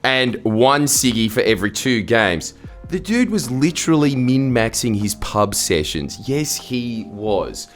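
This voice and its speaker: A man with an Australian accent hosts the video, reading out stories and reacting with sarcastic jokes, sometimes jumping into loud squeaky outbursts. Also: very animated, a little slow, faint music behind.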